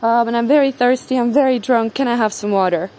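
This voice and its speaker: This is a drunk young man of about twenty, frantic and apologetic as he pleads for help. A woman puts him on as she retells the story, lifting her voice higher and a little louder than her normal talk, with no accent attempted. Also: fast, lightly acted. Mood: drunk pleading.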